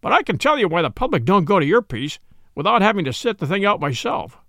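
A man's voice: high-pitched, sing-song, quick pace, creaky, a bit bright, dry recording, studio quality, full character voice. A man reading aloud, voicing a proud, haughty male detective in a lofty, theatrical manner. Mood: fierce scorn.

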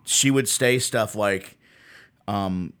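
A man's voice: on the low side, takes it slowly, fairly bright tone, smooth. A man co-hosting a casual podcast, telling a story in a rambling way full of fillers and restarts. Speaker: podcast co-host.

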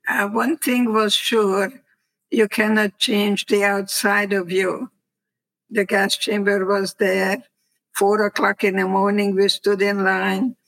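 An older woman from Hungary tells her story slowly, pausing between plain, reflective phrases. Her voice has a gravelly, fried edge, and her pitch stays fairly flat. She speaks as a guest in an interview. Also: low-quality recording. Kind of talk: personal testimony.

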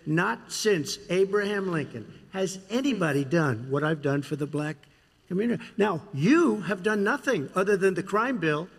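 A man's voice: high voice, expressive, normal speed, husky. An older man speaking combatively at a televised debate, interrupting and repeating himself. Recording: broadcast from a reverberant hall.

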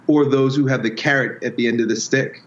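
A man's voice: mid-range voice, fairly even intonation, brisk. A man, a strength coach, talking as an interview guest in a reflective way, explaining his ideas through metaphors and his own stories. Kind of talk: casual conversational interview. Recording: roomy, slightly dull sound.

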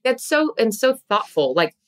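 A woman's voice: on the high side, big pitch swings, normal speed, soft background music. A woman co-hosting a podcast, talking in casual chat in a rambling way with many fillers. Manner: rambling, filler-heavy, warm questioning. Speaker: podcast co-host.

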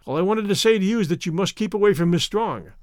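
Narrator guy doing a stern calm hero, measured and polite, high lively voice, dry mic. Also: dry recording. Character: calm, stern jungle-raised gentleman hero.

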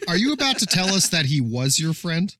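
A man's voice: a little high, very animated, a little fast, bright, forceful tone, slight background noise. A man in a casual movie chat who teases and asks wry questions.

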